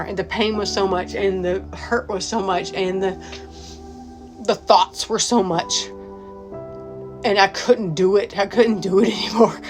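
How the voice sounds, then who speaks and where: Woman, emotional personal testimony, repetitive, blunt swearing, music underneath. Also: mid-range voice. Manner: raw and emotional, repeats herself, swears freely. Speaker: mother and business owner telling her story.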